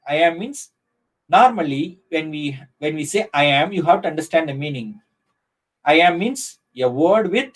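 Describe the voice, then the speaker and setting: Slow, deliberate Indian English professor. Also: male voice, a little high, poor audio. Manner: slow and deliberate, with frequent fillers and restarts. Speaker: professor giving an online lecture. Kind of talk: live lecture on poetry.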